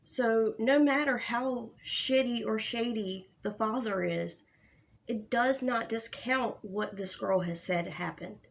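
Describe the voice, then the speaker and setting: A woman's voice: a little high, takes it slowly, creaky. A young woman hosting a casual livestream about online drama, talking bluntly with plenty of swearing and restarts. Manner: blunt and profane, with frequent restarts. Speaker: drama commentary host.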